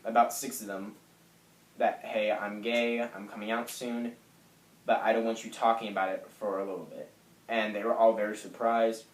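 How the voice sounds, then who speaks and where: A man's voice: lowish voice, echoey room, low-quality recording. A young man telling his personal story to the camera in a candid, hesitant way with frequent fillers. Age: young adult. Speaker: vlogger.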